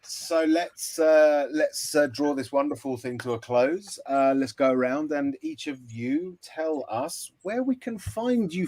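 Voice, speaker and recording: A man's voice: medium pitch, darkish tone. Easygoing man hosting a podcast. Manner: easygoing, agreeable. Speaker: podcast host. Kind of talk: casual chat.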